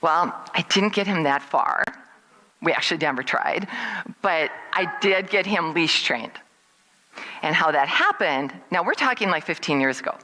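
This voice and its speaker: A middle-aged woman speaking at a service, telling a personal story in a lively way and acting out what people said with big jumps in pitch. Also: moderate pace, rough recording.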